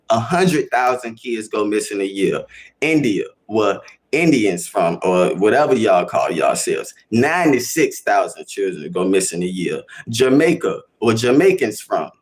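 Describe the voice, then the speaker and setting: A young man with a Chicago accent hosting a casual livestream, talking to his chat in a slangy, animated way and repeating himself for emphasis. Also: lowish voice, measured pace. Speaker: livestream host.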